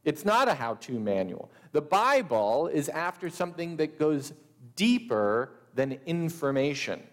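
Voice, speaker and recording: A man preaching a sermon, deliberate and measured, with a few wry asides to the congregation. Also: fairly high pitch, very animated, big-room sound. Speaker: pastor.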